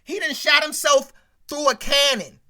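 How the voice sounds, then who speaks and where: A woman hosting a casual commentary rant, animated and slangy, talking straight to her viewers. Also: high-pitched, a little slow. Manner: animated, slangy, keeps addressing the audience. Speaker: show host.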